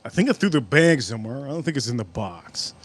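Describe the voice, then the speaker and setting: A man hosting a casual livestream, rambling and excitable, repeating himself as he chats. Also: medium pitch, quick pace. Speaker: livestream host.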